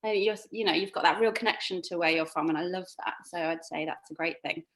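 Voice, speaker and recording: A woman's voice: on the low side, fast talker. A woman presenter chatting as a guest on a video-call livestream, encouraging and a little rambling. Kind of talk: casual livestream chat.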